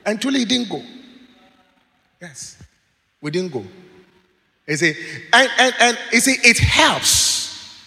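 A man preaching, telling stories in an animated way and laughing as he goes. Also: very high voice, slow pace, vocal fry, pauses often. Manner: animated, laughs while telling stories, acts out quoted voices. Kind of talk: sermon with storytelling. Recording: long hall reverb.

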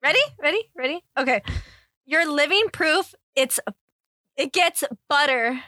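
A woman's voice: high-pitched, measured pace, sharp tone, no echo, clean studio sound. A tipsy woman co-hosting a casual podcast chat, giggly and playful as she coaches a friend through phrases. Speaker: podcast co-host.

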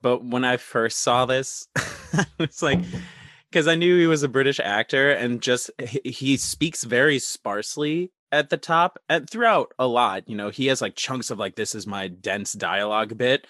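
A man's voice: mid-range voice, moderate pace, sharp tone, dry recording. A man co-hosting a podcast in casual, joking chat, laughing along with the others.

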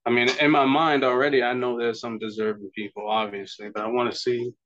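A man's voice: medium pitch, level tone, fairly quick, fairly bright tone, dull audio. A man co-hosting a casual podcast, teasing and joking, laughing often and swearing freely. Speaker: podcast co-host.

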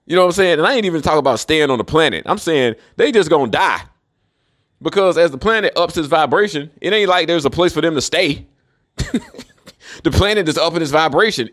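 A man's voice: high voice, fairly bright tone. A man in a rambling solo monologue, profane and mocking, who laughs often. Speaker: commentator.

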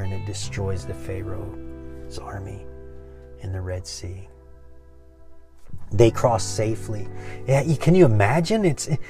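A man preaching an earnest sermon and leading a prayer, often repeating words and building to excited peaks. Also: mid-range voice.

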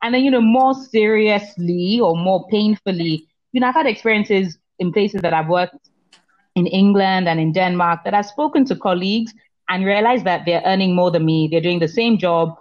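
Woman, podcast co-host, casual chat, earnest storytelling, mid pitch, muffled lo-fi audio. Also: normal speed. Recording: dull lo-fi sound.

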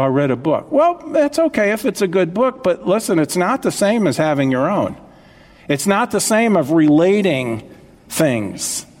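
A man's voice: on the high side, a little mellow, long reverb tail. A male pastor preaching a sermon, stressing key phrases, repeating them and checking that listeners follow.

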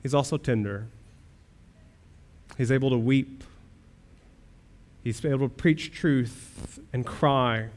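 Male pastor, mid pitch, earnest sermon delivery with emphatic questions. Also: takes it slowly, long pauses. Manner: earnest preaching with rhetorical questions and swells of emphasis.

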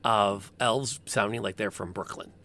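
A man's voice: on the low side, unhurried, vocal fry, fairly bright tone. A man, a game master chatting casually on a podcast and wandering off on tangents. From American Midwest. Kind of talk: casual chat.

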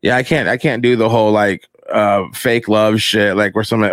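A man's voice: steady tone, a little fast, hardly any pauses, dry recording. A young man talking in a crude, rambling, profane casual chat. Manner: crude, rambling, profane, mimics others in high voices.

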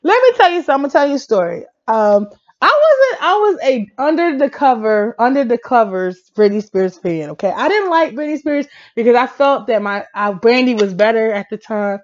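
High-voiced woman gossiping about pop stars, super animated, laughs a lot and sings bits, kinda muffled audio. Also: brisk, few pauses. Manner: excitable, laughs often, breaks into song. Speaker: pop culture vlogger. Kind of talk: casual gossip and music chat.

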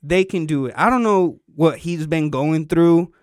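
A man with a slightly high voice hosts a podcast at a measured pace, recorded dry with studio quality. He tells a story in loose, profane conversation, animatedly performing what people said.

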